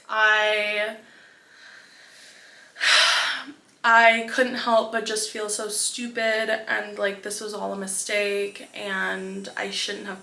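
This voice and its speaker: A woman's voice: on the high side, bright, forceful tone, roomy sound. A young woman travel vlogger talking candidly and chattily, filling her speech with "like", at times tearful. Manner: candid, chatty, lots of "like" fillers. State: tearful, crying. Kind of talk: casual vlog narration.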